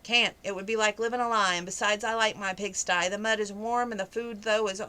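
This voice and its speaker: A woman's voice: medium pitch, steady tone, fairly quick, pushed and bright, smooth, natural voice. A woman reading the lines of a frank young woman who answers her mother in a wry, blunt manner.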